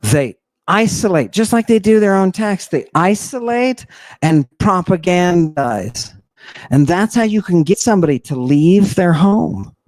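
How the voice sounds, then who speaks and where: A man's voice: high-pitched, a little mellow, dry recording. Fiery, sardonic man lecturing. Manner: emphatic, fires rhetorical questions, sardonic; mocks opponents with exaggerated put-on voices. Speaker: podcast host. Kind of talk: impassioned lecture-style monologue.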